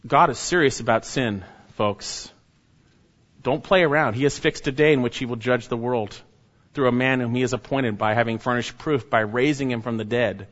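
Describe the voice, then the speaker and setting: A mid-pitched man delivers a sermon with urgent emphasis, swinging from forceful declarations to hushed warnings. His voice rings with a long reverb as if filling a large church hall. The recording sounds dull and slightly muffled. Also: normal speed. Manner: emphatic, urgent, with sharp rises and hushed drops. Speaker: preacher.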